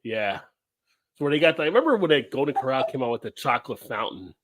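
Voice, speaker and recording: A man hosting a relaxed chat, his voice rising and falling a lot as he spins little stories. He keeps it loose and conversational. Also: medium pitch, quick pace. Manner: animated storyteller, acts out little scenes. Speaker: show host. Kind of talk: casual chat.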